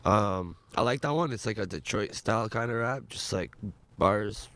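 A man's voice: lowish voice, expressive, normal speed, fairly bright tone. A young man, a rapper guest, telling stories in a rambling way full of likes and ums. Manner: rambling, filler-heavy storytelling with many likes and ums. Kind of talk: casual chat.

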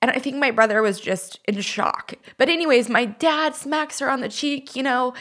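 A woman's voice: high voice, normal speed, a bit bright. Emotional young woman telling a story. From Northern California. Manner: emotional, gets choked up. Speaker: radio host. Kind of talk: personal storytelling on air.

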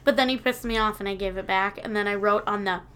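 A woman in her thirties co-hosts a podcast, chatting casually, telling animated stories, laughing often and swearing freely. Her voice is medium in pitch and clean in tone, and she talks at a quick pace.

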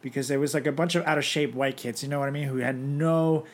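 A young man co-hosting a podcast, telling lively anecdotes and often laughing. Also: medium pitch, fast talker. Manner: animated storyteller, laughs often, acts out quoted voices. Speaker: podcast co-host. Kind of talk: casual chat.

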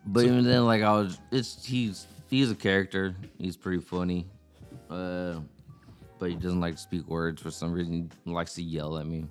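A young adult man in a casual podcast chat, an animated storyteller who slips into squeaky toddler imitations. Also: normal speed, clean tone, soft background music. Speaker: podcast co-host.

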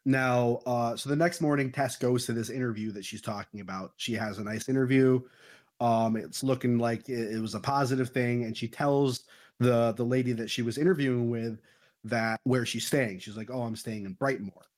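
A man on a movie review podcast walks through a horror plot in loose, profane chat. His voice sits at an ordinary middle pitch, and he tells the story with offhand slang. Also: moderate pace. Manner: animated retelling with crude slang. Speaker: podcast host.

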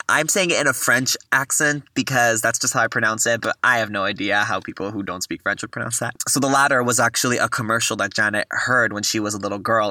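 A man's voice: lowish voice, pushed and bright, no room sound, recorded from a distance. A man hosting a podcast, chatting enthusiastically about music history and speaking directly to his listeners. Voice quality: enthusiastic, chatty, addresses listeners as "you guys". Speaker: podcast host. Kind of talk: casual music history chat.

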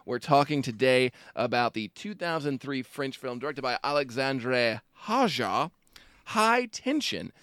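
A man's voice: medium pitch, big pitch swings, a little slow, fairly bright tone, no room sound, studio quality. A man co-hosting a podcast in casual chat, joking and laughing often between his words. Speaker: podcast co-host.

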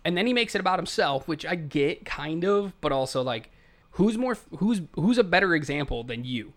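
A man co-hosting a casual movie podcast, recapping scenes and quoting the characters in quick bursts. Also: a little high, animated. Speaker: podcast co-host.

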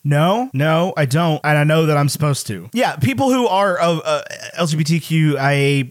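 A man with a somewhat high voice, talking things through in a relaxed conversation. He hedges and weighs his points carefully, often trailing off as he thinks. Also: normal speed. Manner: thoughtful, hedging, trails off. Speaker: podcast co-host. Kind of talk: casual chat.

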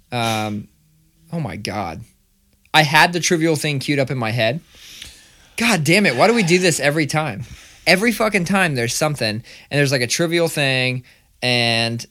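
A man co-hosting a podcast, chatting casually and ranting with lots of swearing. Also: medium pitch. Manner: profane, animated ranting storyteller. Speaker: podcast co-host. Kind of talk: casual chat. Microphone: studio microphone.

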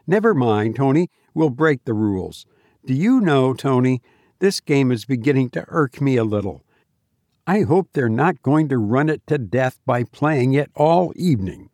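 A man reading a ghost story aloud, voicing a hushed, uneasy young woman who talks in a soft, confiding whisper. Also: mid-range voice, expressive, moderate pace, no room sound, natural voice.

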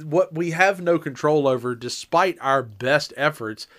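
A man's voice: on the high side, measured pace, fairly bright tone. A man chatting casually as a podcast co-host, mostly backing up his partner with short agreements. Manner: attentive listener, brief agreements. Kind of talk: casual chat.

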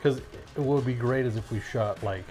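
A man co-hosting a podcast, trading dry deadpan jokes in casual banter. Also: medium pitch, normal speed, faint music behind. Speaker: podcast co-host.

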